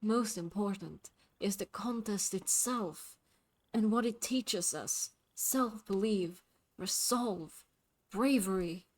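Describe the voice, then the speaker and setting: A woman voicing a calm, formal frog who hosts a jumping contest, speaking softly and courteously. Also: mid-range voice. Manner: soft-spoken, courteous, measured.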